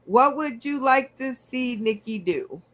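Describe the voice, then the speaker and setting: A woman hosting a comedy game show over a video call, playful and unhurried as she recaps everyone's picks. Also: high voice, animated, fairly bright tone.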